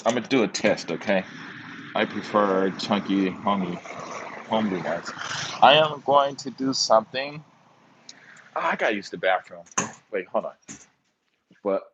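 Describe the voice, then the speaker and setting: A man's voice: fairly low pitch, a little slow, pauses often, noisy background. A middle-aged man telling a story in casual, profane monologue, acting out voices and sound effects as he goes. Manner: animated, profane, acts out quotes with sound effects. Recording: slightly dull lo-fi audio.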